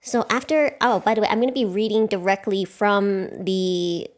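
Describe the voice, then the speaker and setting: A woman's voice: medium pitch, steady tone, moderate pace. A woman chatting casually as the host of a livestreamed book club. She is chatty and bubbly, laughs often, and talks into a desk mic.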